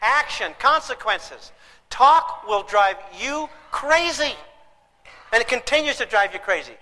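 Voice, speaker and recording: Animated high-voiced man lecturing on parenting. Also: a little slow. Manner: animated, comic, acts out scenes with shouts. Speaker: parenting speaker. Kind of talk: humorous lecture to an audience. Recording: long hall reverb.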